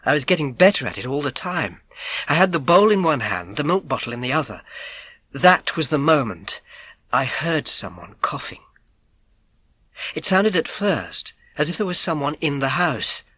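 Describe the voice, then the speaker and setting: Bright, lively male storybook narrator. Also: on the high side, normal speed, husky, dry recording. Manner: expressive, suspenseful storytelling. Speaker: audiobook narrator. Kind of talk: first-person storybook narration.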